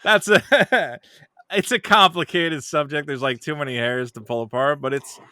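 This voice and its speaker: Man, comedian guest, animated quoting, bright voice, dry close sound. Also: fairly high pitch, normal speed, dry recording. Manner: animated, jumps into quoted voices. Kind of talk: casual interview chat.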